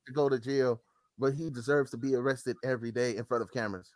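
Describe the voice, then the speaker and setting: A man's voice: mid-range voice, steady tone, fast, darkish tone, no echo. A man co-hosting a podcast, chatting casually, laughing often and adding short agreeing remarks. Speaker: podcast co-host. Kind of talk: casual comedic chat.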